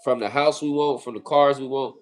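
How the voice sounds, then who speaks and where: A man's voice: medium pitch, brisk. A man from California co-hosting a casual livestream, talking earnestly and often repeating phrases. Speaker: livestream co-host.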